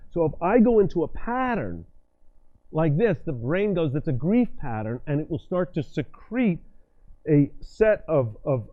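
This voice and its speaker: A middle-aged man giving a live talk, leading the audience through exercises in an animated, directive way. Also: a little high. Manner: animated, directive, demonstrates states with his voice and body. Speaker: workshop speaker and communication coach. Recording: dull lo-fi lecture recording.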